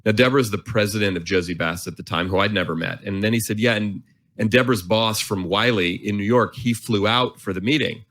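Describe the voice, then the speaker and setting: A man in his forties, an author and guest, telling an animated, self-mocking story and acting out his inner voice. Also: lowish voice, fairly quick. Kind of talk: storytelling in a conversation.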